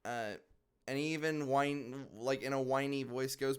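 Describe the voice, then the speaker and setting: A man's voice: medium pitch, fairly even intonation, unhurried, clear, resonant tone. A man co-hosting a podcast in casual review chat, arguing his points and often restarting his sentences. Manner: argumentative, restarts sentences, frequent uh and like. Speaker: podcast co-host.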